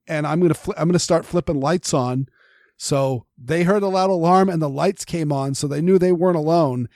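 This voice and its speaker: A man's voice: on the high side, darkish tone, no echo. Rambling man, dry podcast mic. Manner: rambling, many restarts and fillers. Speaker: podcast co-host. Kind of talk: casual chat.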